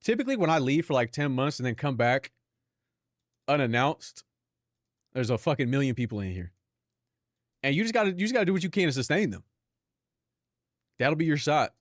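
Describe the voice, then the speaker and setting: A man's voice: mid-range voice, sing-song, fairly quick, pauses often, dry recording, clean studio sound. A young Filipino man, a live streamer, chatting casually and profanely with his viewers, laughing often. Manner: loose, profane, laughing banter with chat.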